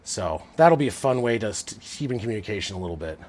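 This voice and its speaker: A man's voice: on the low side, lively intonation, fast, darkish tone. A man around forty, chatting casually and rambling as the host of a live football stream, talking into a Bluetooth headset. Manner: chatty, rambling, many fillers.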